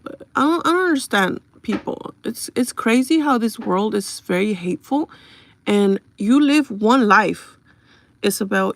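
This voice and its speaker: A young woman chats to her livestream viewers from home. She sounds casual and confiding, with a gravelly, fry-heavy edge. Her voice is dry and close, and she turns blunt when brushing off trolls. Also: medium pitch, no room sound.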